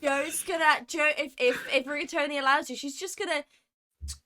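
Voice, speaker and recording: A woman's voice: high voice, a little fast, raised voice, heavy background noise. A young woman player in a tabletop role-play, earnest and eager, tripping over her words.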